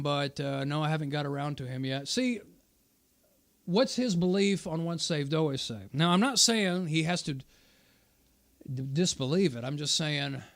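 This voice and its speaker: Man, high voice, argumentative host, repeats points for emphasis, chats with viewers. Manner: answers viewer comments as he goes. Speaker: channel host reviewing a debate. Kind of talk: casual livestream commentary.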